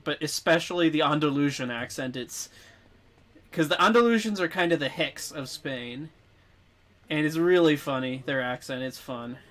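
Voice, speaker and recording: A man's voice: a little high, fairly bright tone. A man chatting in an easygoing, hesitant way on a gaming stream. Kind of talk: casual gaming stream chat.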